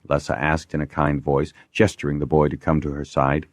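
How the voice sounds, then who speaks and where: Deep-voiced man narrating a fantasy audiobook. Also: brisk, no echo, clean studio sound. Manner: voices many characters with lively pitch shifts.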